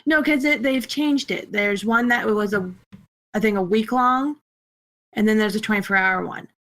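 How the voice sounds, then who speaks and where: A woman guest on a casual gaming podcast, chatty and quick to correct others. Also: mid-range voice, a bit bright.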